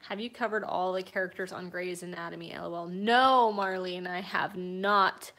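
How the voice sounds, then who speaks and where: A woman's voice: lowish voice, fairly even intonation, normal speed, creaky, sharp tone. A woman hosting a casual live stream from home as a cat breeder, answering viewers' comments, laughing often and cooing baby talk at her cats.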